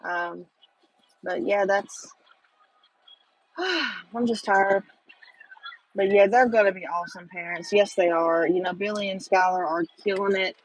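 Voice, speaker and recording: A woman's voice: medium pitch, steady tone, a little slow, long pauses, rough recording. A middle-aged woman, chatting with viewers on a casual livestream and rambling with lots of fillers. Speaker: livestream host.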